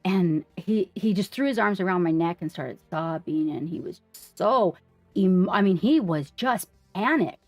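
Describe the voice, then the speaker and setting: Woman with a lowish voice, earnest casual livestream chat, dry sound, faint music behind. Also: lively intonation, measured pace, dry recording, lo-fi sound. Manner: earnest, speaks directly to viewers. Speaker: livestream guest sharing her story.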